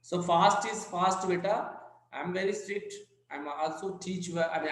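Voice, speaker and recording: A man's voice: fairly high pitch, steady tone, unhurried, a bit bright, reverberant, rough recording. A man with an Indian English accent, a native Telugu speaker, teaching an online physics class over a video call, repeating points and checking in with his students. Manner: repetitive, addresses students directly. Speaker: physics lecturer.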